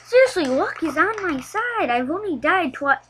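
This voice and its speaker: A woman giving casual, chatty commentary over a video game, getting excited and laughing as she plays. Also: very high-pitched, moderate pace, background noise. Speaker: gameplay commentator.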